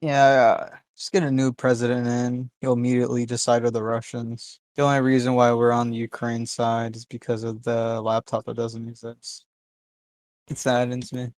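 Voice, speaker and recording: A man's voice: mid-range voice, completely flat delivery, moderate pace, a little mellow, no room sound. A man co-hosting a podcast in casual chat, making dry, sarcastic quips. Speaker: podcast co-host.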